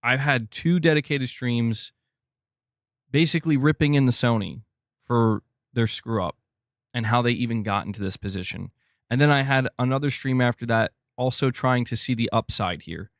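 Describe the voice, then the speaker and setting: Hosting a gaming news livestream, this man speaks in a mid-range voice at a normal speed, captured cleanly in the studio without echo. He keeps things chatty and casual, reading out donations and addressing his chat head-on.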